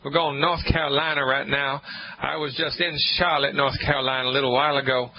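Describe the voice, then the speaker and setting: A man's voice: medium pitch, steady tone, fairly quick, a little hiss or hum. Upbeat male radio host, muffled broadcast. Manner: upbeat, salesy, repeats key points. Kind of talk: call-in radio advice.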